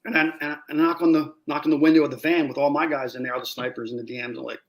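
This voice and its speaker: A man telling war stories in a casual interview, animated, acting out what people said and swearing freely. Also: fairly high pitch, racing. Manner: animated storyteller, acts out quotes loudly, swears. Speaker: guest, former Marine scout sniper.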